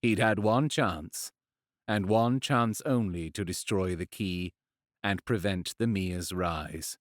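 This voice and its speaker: A man narrating a fantasy audiobook in a measured, expressive storytelling manner, on a close studio mic. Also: low voice, no room sound.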